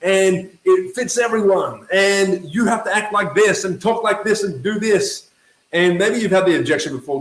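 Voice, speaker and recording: A man coaching network marketers in a motivational talk to camera, emphatic and lively, always checking in with his listeners. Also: high voice, moderate pace, echoey room, rough recording. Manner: emphatic, keeps checking in with "okay?" and "right?"; lively, acts out quoted voices.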